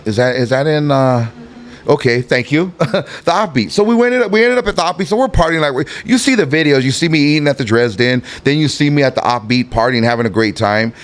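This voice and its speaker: A middle-aged man with a Southern California Chicano accent, telling a profane, animated story as a podcast guest and acting out the voices in it. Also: mid-range voice, a little fast. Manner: animated, profane, acts out every voice in his stories. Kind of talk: casual storytelling in a podcast interview.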